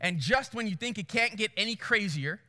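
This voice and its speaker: A male pastor telling a story in a sermon, animated, acting out voices and sounds. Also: high voice, normal speed, in a large hall.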